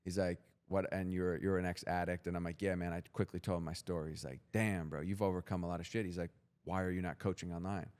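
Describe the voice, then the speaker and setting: Deep-voiced man telling blunt, profane stories. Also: level tone, fast talker, darkish tone. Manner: blunt, profane, intense motivational storytelling. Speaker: guest entrepreneur. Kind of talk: podcast interview storytelling.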